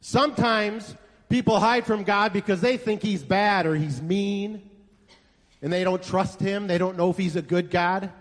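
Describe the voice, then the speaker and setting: A man's voice: high voice, a little slow. A male pastor preaching a sermon to a congregation, telling a story and asking rhetorical questions with emphasis. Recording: echoey hall reverb.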